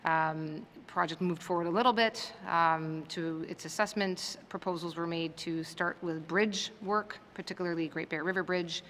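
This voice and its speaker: A woman's voice: fairly low pitch, fairly even intonation, normal speed, hardly any pauses, a bit bright. A woman speaking as a government minister, answering questions formally and hesitating as she searches for details. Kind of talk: committee testimony. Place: legislative chamber. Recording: long reverb of a chamber, faint noise.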